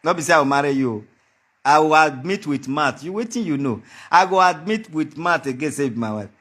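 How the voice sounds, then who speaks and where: A man's voice: a little high, expressive, a little fast, a bit bright. A man with a Nigerian accent giving a heated monologue to the camera, taunting and mocking, repeating his threats over and over. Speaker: vlogger.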